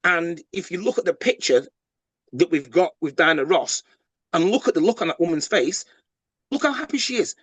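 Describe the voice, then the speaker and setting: Husky man telling a story. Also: sits high, no room sound. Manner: animated storytelling with quick repeats and acted-out quotes. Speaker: podcast guest. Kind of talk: storytelling interview.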